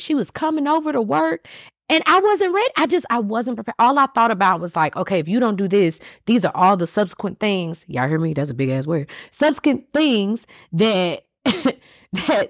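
A woman's voice: fairly low pitch, creaky, dry recording, clean studio sound. A woman hosting a solo podcast, talking candidly and emotionally straight to her listeners. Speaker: podcast host.

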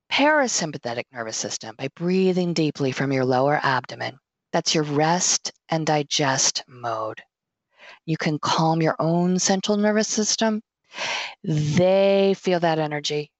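A middle-aged woman hosting a podcast, giving casual pet-care advice in an earnest, gently insistent way, laughing easily. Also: on the low side, no room sound, lo-fi sound. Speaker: podcast host and pet sitter.

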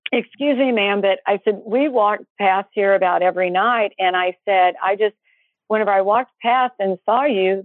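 A woman tells a personal faith story in a relaxed, animated way, slipping into the voices of the people in it. Her voice arrives over a thin, phone-like line with no room sound at all. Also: medium pitch, no room sound. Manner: animated, acts out quoted voices. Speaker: guest storyteller. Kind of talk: casual testimony storytelling. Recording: tinny phone line, dry.

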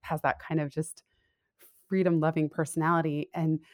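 Speaking low and at a normal speed with a level tone, this woman is an interview guest joining by remote call, though the sound is studio quality without echo. She coaches careers and runs a business, and she comes across as thoughtful and open, quick to laugh and prone to starting sentences over.

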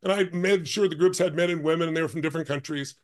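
A man telling a story as a podcast guest, his voice pitched somewhat high for a man. He talks with strong emphasis and rushes ahead in fast bursts. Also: darkish tone. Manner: emphatic, intense, speeds up in bursts. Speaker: guest, life and business strategist.

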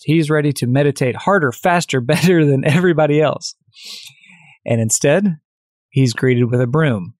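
A man hosting his own coaching podcast, telling a story in a direct, energetic, conversational way. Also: mid-range voice, dry recording, studio quality.

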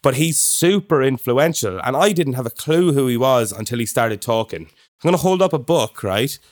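A man's voice: mid-range voice, normal speed. A young Irish man telling a long, chatty anecdote on a casual podcast. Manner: chatty anecdotal storyteller, animated impressions of others. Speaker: podcast co-host. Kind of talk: casual chat, storytelling.

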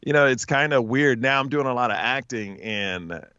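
A man telling stories in a casual podcast interview, with a smooth radio-announcer voice. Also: medium pitch, lively intonation, moderate pace, bright, forceful tone, dry recording, muffled recording. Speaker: podcast guest, TV host and stand-up comic.

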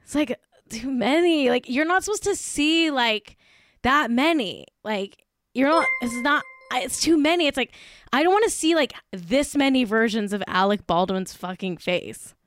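On a comedy podcast, a woman co-host chats casually in a high, lively voice at a moderate pace, recorded dry with studio quality. She rambles and gushes, peppering her talk with "like" and laughing often.

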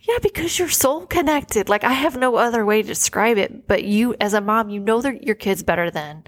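A woman's voice: on the high side, animated, moderate pace. A woman in her forties, the host, telling personal stories in an earnest, emotional way, full of "like". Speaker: podcast host. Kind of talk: casual conversational storytelling.

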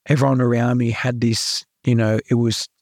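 Aussie guy in his twenties, gravelly husky voice, earnest storytelling, dry close sound. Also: mid-range voice, level tone, normal speed, a little mellow, no room sound. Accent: Australian. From Australia. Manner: earnest, repeats himself, full of likes and rights. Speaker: podcast guest. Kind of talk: candid storytelling.

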